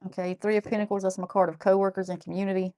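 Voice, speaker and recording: A woman's voice: mid-range voice, level tone, rapid-fire, dark tone. Woman doing a tarot reading, blunt, talks to herself a lot, says stuff twice. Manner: blunt, repeats herself, thinks aloud. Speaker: tarot reader.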